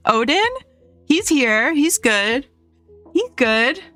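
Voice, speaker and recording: A woman's voice: high-pitched, expressive, extremely slow, sharp tone, soft background music. A young adult woman streaming from home, chatting casually, reading chat aloud and laughing often.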